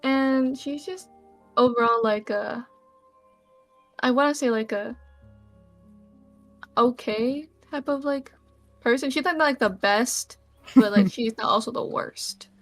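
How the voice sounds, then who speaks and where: A woman's voice: fairly high pitch, takes it slowly, long pauses, faint music behind. A woman playing a tabletop role-playing game, describing her character casually with many fillers like "like". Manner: casual, filler-heavy speech with frequent "like". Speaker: player.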